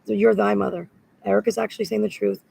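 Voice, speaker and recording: A woman's voice: mid-range voice, flat delivery, fast, gravelly, dark tone, a little hiss or hum, rough recording. A woman in a rambling, agitated spoken monologue that loops back on the same words.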